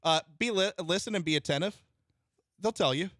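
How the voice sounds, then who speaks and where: A man's voice: high-pitched, brisk, a bit bright, no echo, studio quality. A man co-hosting a radio show, chatting casually and playfully giving advice. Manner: playful, joking, confident.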